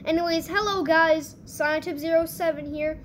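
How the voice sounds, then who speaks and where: Woman, very high voice, excitable gameplay commentary, faint background noise. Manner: excitable, quick reactions, bursts of laughter. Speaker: channel host.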